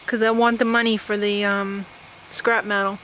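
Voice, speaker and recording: A woman's voice: mid-range voice, flat delivery, normal speed, a bit bright. A woman chatting casually at home, laughing often and reacting with dramatic disgust. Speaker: vlog host. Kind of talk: casual chat. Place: home kitchen, then a yard outdoors. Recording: noisy home video.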